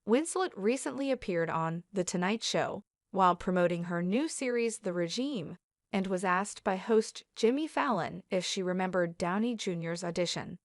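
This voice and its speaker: A woman narrating a scripted entertainment news piece in an even, read-aloud delivery. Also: medium pitch, moderate pace, dry recording, clean studio sound.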